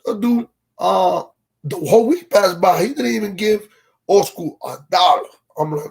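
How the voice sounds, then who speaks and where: Husky high-voiced man telling a story. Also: moderate pace. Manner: slangy, rambling, keeps asking "you feel me"; greets viewers from live comments mid-story. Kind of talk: casual livestream storytelling.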